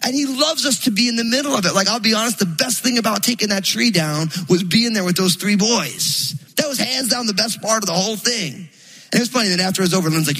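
A pastor from New Jersey preaching a sermon, telling a story in a loose, chatty way full of fillers. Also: male voice, high voice, lively intonation, fairly quick, fairly bright tone, breathy edge, rough recording.

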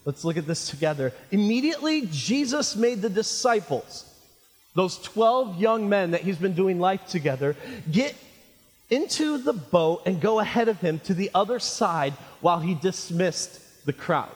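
A male pastor preaching a sermon, animated and jokey, calling his listeners friends. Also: high-pitched, moderate pace. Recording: reverberant hall.

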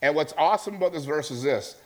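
Male pastor, slightly higher voice. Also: lively intonation, quick pace. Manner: conversational storytelling, checking in with listeners. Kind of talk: sermon.

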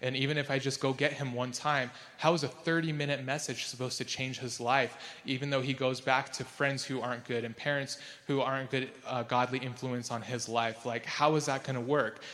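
A man preaching a casual, conversational sermon as a pastor. He uses lots of fillers and jumps up in pitch for emphasis. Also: steady tone, a little fast, few pauses, fairly bright tone, big-room sound. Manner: casual and chatty, with many fillers like "like".

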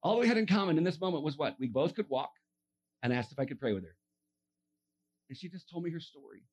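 A man preaching a sermon, telling stories and acting out the voices of the people in them, dropping to a hush and then rising to a shout. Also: a little high, expressive, fast, slightly rough. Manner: acts out voices in his stories, swings from hushed to shouting. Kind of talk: animated sermon storytelling.

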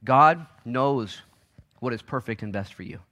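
A man in his forties preaching from the pulpit. He is animated, climbs to loud urgent peaks, then drops to quiet asides, and often restarts his sentences. His pitch sits in the middle for a man. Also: unhurried. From Oregon, United States. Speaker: pastor. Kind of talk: sermon. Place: church.

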